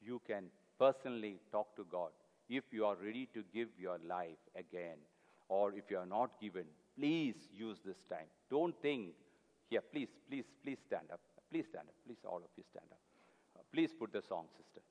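A man's voice: fairly low pitch, lively intonation, moderate pace, darkish tone. A man preaching a sermon, earnest and pleading, repeating his key phrases for emphasis. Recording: long hall reverb.

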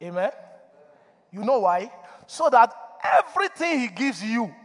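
A man preaching a sermon as a pastor, animated, asking for responses from the congregation and laughing between points. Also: very high voice, a little slow. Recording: long reverb of a church hall.

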